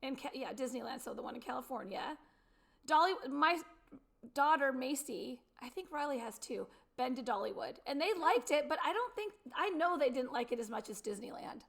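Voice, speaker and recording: High, gravelly-voiced woman host. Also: lively intonation. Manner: chatty and giggly, quick to laugh. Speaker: morning show host. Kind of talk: casual chat.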